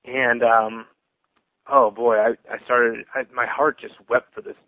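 A man's voice: mid-range voice, little pitch movement, measured pace, sharp tone, no room sound, lo-fi sound. A man on a podcast giving an earnest personal testimony, stumbling and restarting his words with many fillers. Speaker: podcast guest sharing testimony.

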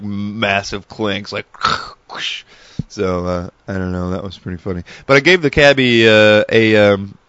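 A man's voice: lowish voice, fairly bright tone, no room sound. A man telling meandering stories in a casual, chatty monologue full of asides. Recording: dull lo-fi dry recording.

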